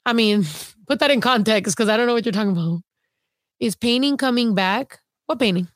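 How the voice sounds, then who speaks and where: A woman's voice: on the high side, fairly quick, no echo, studio quality. A young adult woman hosting a casual livestream, reading chat comments with blunt, teasing, profane talk. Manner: blunt, swears freely, teasing.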